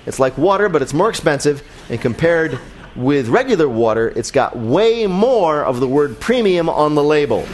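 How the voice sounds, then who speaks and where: Guy hosting a radio quiz, kinda high voice, jokey and dry, faint hiss behind him. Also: very animated, normal speed. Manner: wry, joking delivery. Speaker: quiz show host.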